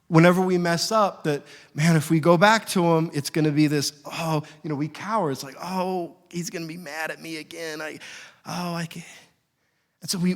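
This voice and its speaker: A man preaching in a long-echoing hall. His voice sits fairly high for a man. He tells stories with lively energy and acts out the quotes he gives. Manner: storytelling, animated, acts out quotes. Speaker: pastor. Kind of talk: sermon.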